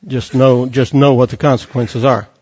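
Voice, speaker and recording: A man's voice: medium pitch, steady tone, moderate pace, a little mellow, husky. A man preaching a sermon with passion, quoting scripture and firing off rhetorical questions. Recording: dull lo-fi recording.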